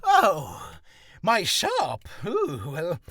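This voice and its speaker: A man's voice: high voice, wildly swooping pitch, very slow, a bit bright, breathy edge, no echo, clean studio sound, exaggerated voice. A man voicing a clueless, flustered male shop merchant who dithers about his own stock. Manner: dithering, bewildered.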